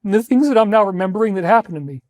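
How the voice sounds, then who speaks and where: Man, high pitch, intense and emphatic speaker who hammers his points through repetition. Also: animated, very fast, darkish tone, no room sound, clean studio sound. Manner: emphatic, repeats phrases for stress. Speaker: speaker in archived clips. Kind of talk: impassioned talk to viewers.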